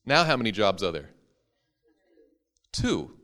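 A man's voice: on the low side, sing-song, unhurried, bright, forceful tone. A man, a preacher, teaching an interactive Bible class to a live audience, joking and quizzing them as he goes.

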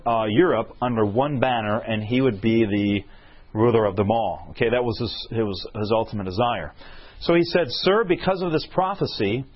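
A man preaching a sermon, telling a story and asking his listeners questions that he answers himself. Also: on the high side. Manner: asks the crowd questions and answers them himself. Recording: husky, dull lo-fi recording.

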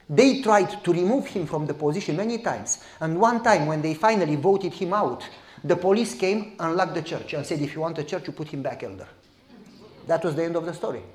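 A man, preaching as a pastor and telling a story in a lively, direct way. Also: high-pitched, echoey room. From Romania. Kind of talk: sermon storytelling.

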